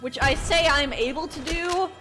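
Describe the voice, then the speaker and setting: A woman's voice: high voice, moderate pace. A woman commentating on a live gaming stream in a jokey, self-deprecating way. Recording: game music behind.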